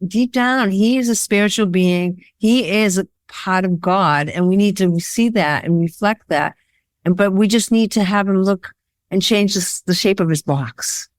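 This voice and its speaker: A woman photographer being interviewed, talking in a rambling, animated storytelling way with lots of fillers. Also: fairly low pitch, no room sound, clean studio sound. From Worcester, Massachusetts area. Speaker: guest, photographer. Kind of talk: casual interview chat.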